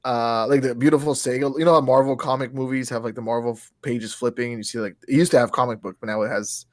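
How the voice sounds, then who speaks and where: A man in his thirties co-hosting a podcast, excitable and swearing freely, his pitch jumping up when he gets worked up. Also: fast, dry recording, clean studio sound. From Europe. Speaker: podcast co-host. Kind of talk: casual chat.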